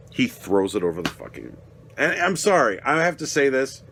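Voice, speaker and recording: A man's voice: medium pitch, big pitch swings, normal speed, a little hiss or hum. A young adult man giving a casual, rambling spoken film review, swearing often and getting worked up as he talks. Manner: rambling, profane, gets worked up and loud. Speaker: movie reviewer.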